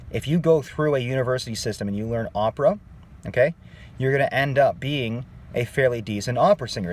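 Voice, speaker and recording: A man teaching singing in a loose, conversational way, often pausing to check in with his listeners. His voice sits at an ordinary middle pitch and is picked up from a little way off the mic, with a faint hiss of noise underneath. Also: darkish tone, far from the mic. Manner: conversational, checks in with "okay" and "all right". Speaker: vocal coach. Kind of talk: casual instructional talk.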